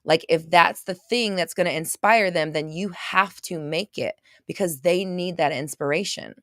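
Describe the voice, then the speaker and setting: A woman with a somewhat low voice hosts a casual motivational livestream. She reads out comments and answers them in an emphatic, gushing way, repeating herself and swearing freely. The sound is dry and close. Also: moderate pace, fairly bright tone, no room sound. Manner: reads viewer comments aloud. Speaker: livestream host.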